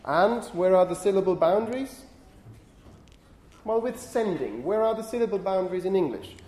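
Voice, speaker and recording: A male university lecturer with a fairly high but mellow voice explains phonetics, tagging sentences with "okay?" and sternly asking chatty students for quiet. He is recorded in a roomy, echoing lecture hall with faint background noise. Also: expressive, moderate pace.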